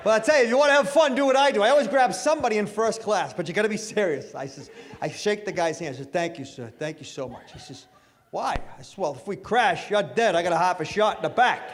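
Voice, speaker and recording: A middle-aged man doing a stand-up comedy routine on a club stage, with a brash, punchy delivery and sudden loud bursts. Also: sits high, fast talker, slight background noise.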